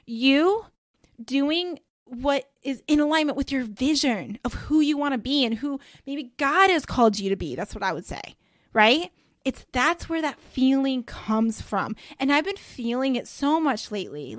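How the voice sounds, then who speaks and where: A bubbly woman in her thirties hosts her podcast, gushing through the chat with plenty of "like" and "you know". Her voice sits a touch high. It is recorded dry and close to the mic. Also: fairly bright tone, no echo. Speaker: podcast host. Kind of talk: casual solo podcast chat.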